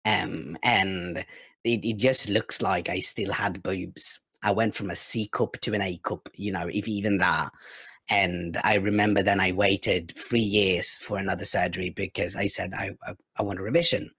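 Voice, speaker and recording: A man with a low, husky voice is a guest on a casual podcast. He speaks frankly and plainly about personal matters, recorded close and dry with no room sound. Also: flat delivery, moderate pace, fairly bright tone, dry recording. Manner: candid, frank, matter-of-fact. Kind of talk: casual interview chat.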